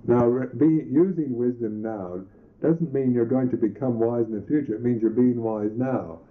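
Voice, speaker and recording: A Buddhist monk teacher giving a reflective meditation talk, pausing and restarting his phrases often. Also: medium pitch. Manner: slow, reflective, halting with restarts. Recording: tinny lo-fi old recording.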